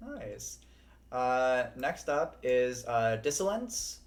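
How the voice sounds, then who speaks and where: A man as game master, running an online tabletop game in a relaxed way with many fillers. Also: medium pitch, unhurried.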